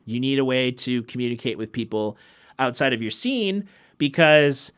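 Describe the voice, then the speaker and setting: A man's voice: medium pitch, expressive, normal speed, clear, resonant tone. A man hosting his own podcast, chatting in a rambling, wry way and laughing often. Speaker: podcast host and musician. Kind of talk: casual solo podcast chat. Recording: loud keyboard music under the voice.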